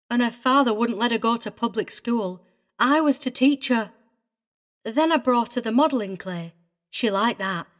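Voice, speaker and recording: A woman voicing a prim, tearful older female governess who speaks with fussy, indignant precision. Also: on the high side. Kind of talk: audiobook character reading.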